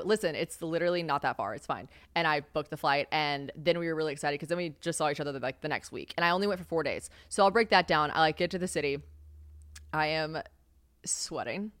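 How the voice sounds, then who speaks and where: A woman's voice: deep voice, a bit bright, no echo. Chatty young woman, close and dry. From United States. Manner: chatty and self-mocking, heavy use of "like", swears freely, laughs often. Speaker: podcast host. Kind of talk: casual solo podcast storytelling.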